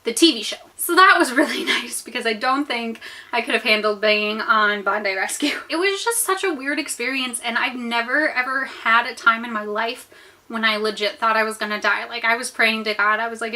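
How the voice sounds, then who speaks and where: A young American woman telling a story to her viewers in a chatty, animated way with many fillers while she eats. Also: on the high side, a little fast. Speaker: vlogger. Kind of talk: storytime chat while eating.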